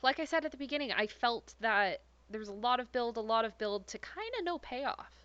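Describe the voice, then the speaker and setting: A woman's voice: a little high, lively intonation, brisk, fairly bright tone. A woman co-hosting a podcast, recapping an episode in casual chat, chatty and laughing often, with plenty of hesitant fillers. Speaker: podcast co-host. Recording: slightly dull lo-fi podcast audio.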